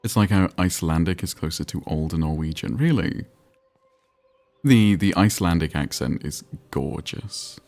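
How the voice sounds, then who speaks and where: Guy streaming a game, low voice, chatty and rambly, faint music behind. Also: expressive, normal speed, a little mellow. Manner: chatty, rambling, reads chat aloud. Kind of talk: casual live-stream commentary.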